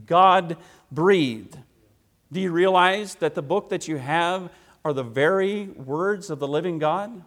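A man with a notably high voice preaches a sermon at a moderate pace, driving his points home with repeated key phrases and rhetorical questions. He alternates between loud declarations and hushed asides.

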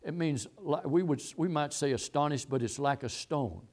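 A man's voice: on the high side, normal speed, a little mellow. Emphatic preacher man. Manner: emphatic, repetitive preaching with Bible quotes. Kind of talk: sermon.

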